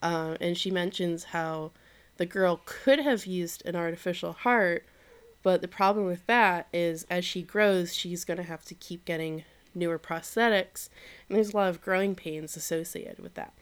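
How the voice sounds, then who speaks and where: Smooth-voiced woman recapping an episode. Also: on the low side, normal speed. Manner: relaxed, swears casually, lots of fillers. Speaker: podcast co-host recapping an anime episode. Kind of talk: casual chat.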